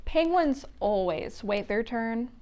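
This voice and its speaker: A children's librarian, a woman, leading a story time with songs and a picture book, gentle and sing-song as she talks to small children. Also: fairly high pitch, animated, slow.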